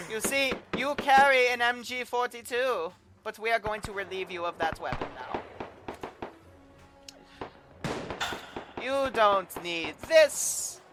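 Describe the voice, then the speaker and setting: A man's voice: extremely high pitch, voice pushed up. A man voicing a mocking German officer who gloats over a captured prisoner, in a theatrical, taunting put-on accent. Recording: voice chat over noisy game audio.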